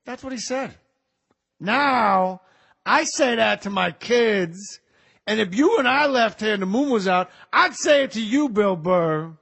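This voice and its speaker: A raspy, theatrical aging movie-star actor, as a man puts him on shifts between low murmurs and sudden shouts. The voice sits high, with a husky edge. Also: animated, a little slow, heavily acted. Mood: dreamy.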